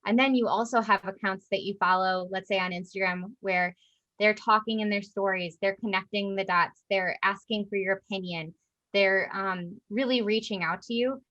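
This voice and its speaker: A woman guest explaining her work in an interview, in a steady, patient way with frequent fillers. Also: medium pitch, normal speed, muffled recording. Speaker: guest, personal brand specialist.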